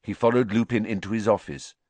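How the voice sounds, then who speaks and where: A man narrating an audiobook, reading with lively character work. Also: lowish voice, brisk, no room sound.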